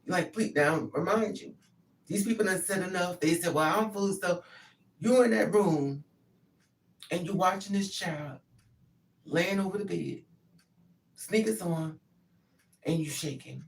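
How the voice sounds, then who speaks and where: A woman's voice: fairly low pitch, measured pace, vocal fry, pauses often, distant mic. A grieving mother giving an impassioned, repetitive spoken monologue. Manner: impassioned, repetitive, acts out pleading quotes.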